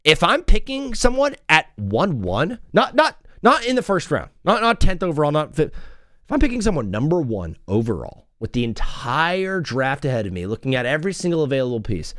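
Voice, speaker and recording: A man hosting a live sports talk show, rambling and joking in an excitable, casual way. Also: a little high, moderate pace, no room sound, clean studio sound.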